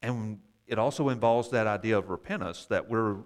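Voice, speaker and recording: A man's voice: on the low side, normal speed. A man leading a Bible study class, explaining verses and asking the group questions, with wry asides.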